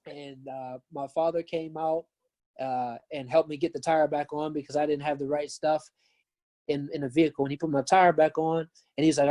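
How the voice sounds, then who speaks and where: A man, a pastor guest, telling a personal story in earnest, lively casual conversation. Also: a little high, normal speed, no room sound. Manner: earnest, animated when retelling.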